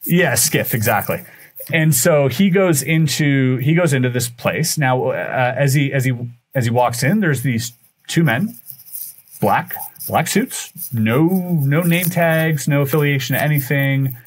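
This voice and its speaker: A man spins a story as a podcast guest, his voice sitting at an ordinary middle pitch. He acts out each character's lines with quick shifts of voice and trips over his own restarts as he builds momentum. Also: expressive. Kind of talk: animated storytelling in conversation.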